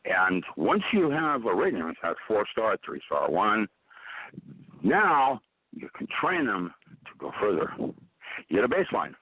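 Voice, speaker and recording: A man's voice: lowish voice, very animated, a little slow, husky, no room sound. An older man, a guest on an interview show, explaining his ideas in a lecturing way and using metaphors. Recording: tinny phone line.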